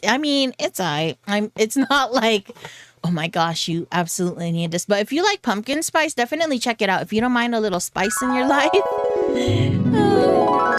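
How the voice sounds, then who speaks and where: A woman's voice: medium pitch, smooth, dry recording. Giggly, chatty woman vlogger reviewing fragrances in a dry, close-sounding room. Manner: giggly, chatty, goofy asides. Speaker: beauty vlogger. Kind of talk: casual fragrance haul review.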